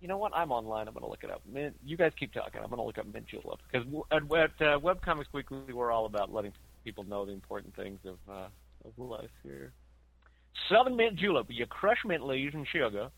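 Male podcast co-host with a bright, animated, joking delivery. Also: mid-range voice, brisk, creaky, slightly rough, no echo, poor audio. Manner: animated, jokey, thinks aloud. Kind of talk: casual podcast chat.

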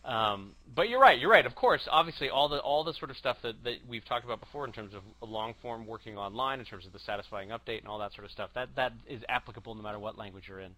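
Bright-voiced man co-hosting a podcast. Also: medium pitch, quick pace, few pauses, low-quality recording. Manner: chatty, self-mocking, restarts. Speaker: podcast co-host. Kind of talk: casual chat.

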